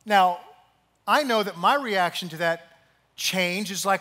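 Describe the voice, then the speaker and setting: A male pastor delivers a storytelling sermon, slipping into the voices of the people in his story and sometimes sinking to a hushed softness. His voice is bright and forward, pitched a little high for a man. It rings out into a large hall with a long reverb. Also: normal speed. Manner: storytelling, acting out quoted voices, dropping to soft hushed tones.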